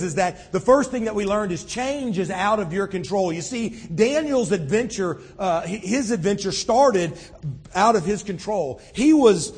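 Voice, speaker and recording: A man's voice: sits high, slightly rough. A man preaching a sermon as pastor, conversational, with frequent restarts and fillers. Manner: conversational, many restarts and "you know". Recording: long hall reverb.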